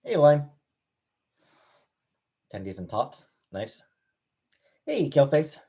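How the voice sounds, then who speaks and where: A man's voice: fairly high pitch, huge pitch swings, slow, mellow. A man streaming live, greeting viewers by name and answering chat with dry, offhand replies. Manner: laid-back, greets viewers one after another by name. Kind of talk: casual livestream chat, reading and answering chat.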